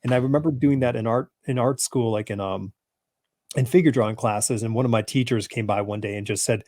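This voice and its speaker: A man's voice: medium pitch, brisk, a little mellow, no echo, studio quality. A man hosting a casual podcast chat, telling stories with bursts of emphasis and frequent restarts. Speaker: podcast host.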